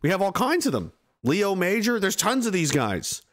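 A man's voice: sits high, huge pitch swings, normal speed, a bit bright. A man in his thirties from Canada, a veteran streamer giving blunt, profane, heated commentary to his live chat. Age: 30s.

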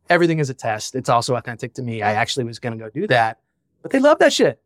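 A man's voice: medium pitch, big pitch swings, racing, no room sound, studio quality. A man speaking as a podcast guest, a founder and father who talks frankly and reflectively and swears casually. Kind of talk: candid conversational interview.

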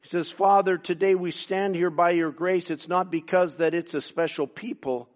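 A high-pitched man from Canada preaches a sermon, pressing his points with rising force and slipping into low, quiet asides. The recording is dull and lo-fi. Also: fairly even intonation, normal speed. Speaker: pastor.

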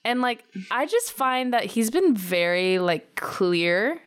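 A woman's voice: a little high, big pitch swings, takes it slowly, clear, resonant tone. A woman co-hosting a podcast in casual chat, earnestly explaining her view at length. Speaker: podcast co-host.

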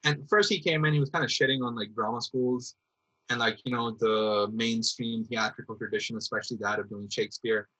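Theatre guy guest, bright husky voice, lots of "like, you know", thinking out loud. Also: mid-range voice, fairly even intonation, brisk, lo-fi sound. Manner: thoughtful, rambling with many fillers. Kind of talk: reflective casual conversation.

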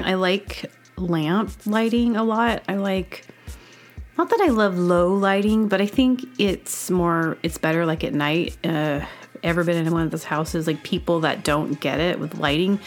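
A woman's voice: fairly low pitch, measured pace, soft background music. Rambling, chatty woman host. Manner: chatty and meandering, with many fillers and silly asides. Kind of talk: casual rambling monologue.

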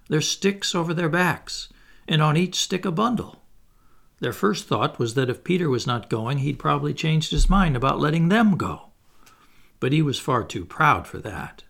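A man narrating a classic storybook in a measured, expressive reading. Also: a little high, creaky. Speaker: audiobook narrator.

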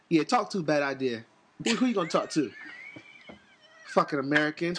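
Bright-voiced man riffing crudely. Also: high voice, animated, quick pace. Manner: crude, rambling, riffs into mocking put-on voices. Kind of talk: casual comedic banter.

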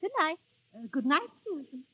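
A woman's voice: high voice, big pitch swings, normal speed, no room sound. A young woman voicing a schoolmistress who poses as a coquettish niece, speaking theatrically with frequent sighs and exclamations in an old radio drama. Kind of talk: 1930s radio drama acting. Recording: tinny lo-fi old radio broadcast with faint music.

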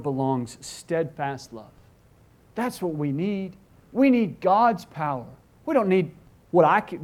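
Earnest high-voiced male preacher. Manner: earnest, pleading, with frequent restarts and rhetorical questions. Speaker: pastor. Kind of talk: sermon.

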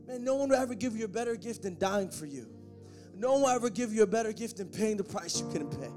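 A man preaching a sermon, joking with the congregation and swelling into shouted, half-sung passages. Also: high-pitched, lively intonation, fairly quick. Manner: joking asides to the band and congregation. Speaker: pastor. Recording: faint music behind.

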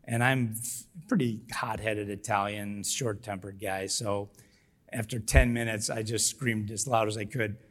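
A middle-aged man, a business founder, telling his story as an interview guest with lively energy, laughing often and acting out what people said. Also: on the low side, measured pace. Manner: animated, laughs often, acts out quotes.

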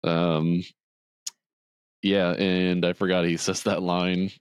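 On a podcast, a male co-host walks through a movie in a casual recap chat, his tone level and his pace slow. The sound is clean with no room sound, and he performs characters' lines in a higher, raised voice as he retells scenes.

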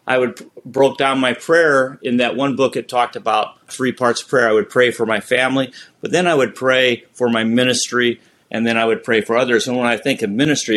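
A man's voice: medium pitch, a bit bright. Earnest man recounting his story. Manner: earnest, halting, recounts prayers aloud. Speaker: guest, ministry founder. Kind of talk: reflective storytelling in an interview.

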